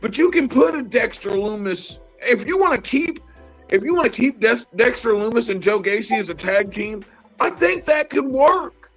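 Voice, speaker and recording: A man co-hosting a casual wrestling chat show, talking in an animated, profane, rambling way. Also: extremely high pitch, normal speed, slightly rough, faint music behind, rough recording. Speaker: podcast co-host.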